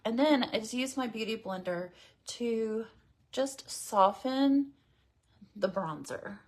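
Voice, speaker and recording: A woman's voice: on the high side, expressive, slow pace. A woman hosting a casual makeup tutorial livestream, chatting and rambling to her viewers as she works. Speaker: beauty livestream host.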